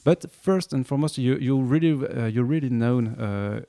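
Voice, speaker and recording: A French man hosting a casual podcast interview, speaking with a French accent and pausing often with fillers. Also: medium pitch, mellow, no room sound. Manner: halting, frequent filler pauses. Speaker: podcast host.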